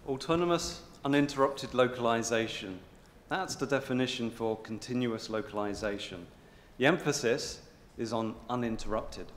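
A man delivers a rehearsed pitch, stressing key words slowly and deliberately. His voice is mid-pitched and echoes through a big hotel hall. A long reverb follows each phrase. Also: a little hiss or hum. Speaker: presenter.

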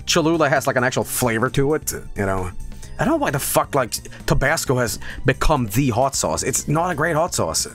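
A man's voice: mid-range voice, sing-song, moderate pace, a bit bright, faint music behind. A man streaming live, joking casually with lots of swearing and laughter. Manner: profane, joking, often laughing.

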